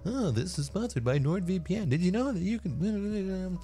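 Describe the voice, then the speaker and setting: A man mimicking an overeager young male YouTuber host in a high, hyped voice with a vague put-on accent. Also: animated, measured pace, mellow, breathy edge, heavily acted. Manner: over-eager, breathless hype patter.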